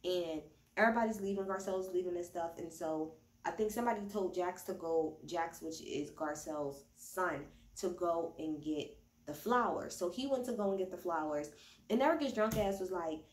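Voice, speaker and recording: On the low side and at a moderate pace, a slightly tipsy reality TV recapper rambles casually, peppering her talk with profanity and slang. The home recording relies on a built-in device mic, so it sounds roomy.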